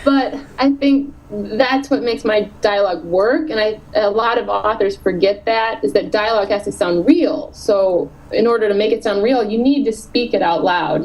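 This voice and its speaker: Woman, 30s, author guest; animated, laughing delivery, medium pitch. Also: low-quality recording. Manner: animated, laughs often, quick asides. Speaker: author being interviewed. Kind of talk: casual interview chat.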